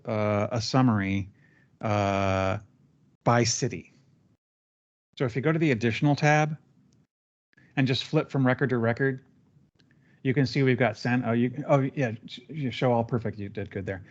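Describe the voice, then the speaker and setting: A man guiding a trainee step by step through a software training session, relaxed and chatty with fillers. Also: mid-range voice, dull audio. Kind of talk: live screen-share training session.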